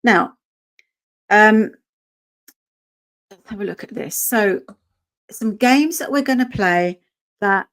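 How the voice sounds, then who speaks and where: A woman's voice: mid-range voice, takes it slowly, long pauses, fairly bright tone. Woman teaching dog training. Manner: conversational, checks in with "okay?" often. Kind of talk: online training workshop.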